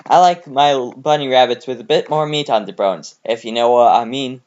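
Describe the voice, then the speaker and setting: A man's voice: mid-range voice, a little fast, darkish tone, natural voice. A man doing a flirty ogre. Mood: teasing. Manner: teasing, leering. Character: big male ogre, gruff and flirtatious. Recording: slightly dull home recording.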